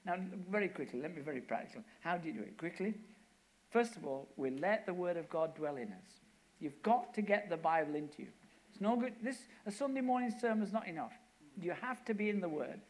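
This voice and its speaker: A man's voice: sits high, animated, brisk. An older man preaching a sermon, telling a story and then urging his listeners with rising force.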